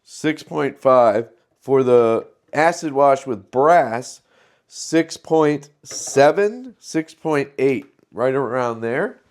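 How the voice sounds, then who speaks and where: A man's voice: mid-range voice, animated, slow, darkish tone. A man hosting a casual product showcase, talking loosely and enthusiastically with plenty of fillers. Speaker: knife channel host.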